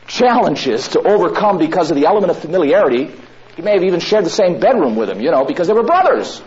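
Animated, emphatic male preacher. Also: on the high side, highs cut off, slight background noise. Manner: animated, emphatic, repeats key lines. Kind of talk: sermon.

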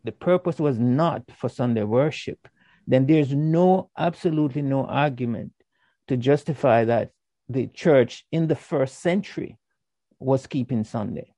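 A man's voice: medium pitch, a little slow, warm tone, dry recording. A man in a group bible discussion, speaking earnestly and emphatically while citing scripture. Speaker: bible study participant.

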